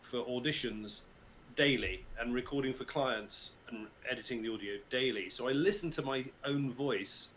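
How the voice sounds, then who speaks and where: A man's voice: mid-range voice, moderate pace, a bit bright, slight background noise. A middle-aged English man with a Received Pronunciation accent, chatting as a voice actor guest in a casual livestream interview from his mother's house, joking and laughing easily. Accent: British Received Pronunciation. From England.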